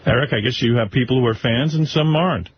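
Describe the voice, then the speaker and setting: A radio talk show host with a husky, mid-range voice trades wry banter with callers and co-hosts at a quick pace. The broadcast sounds muffled, with a faint hiss underneath.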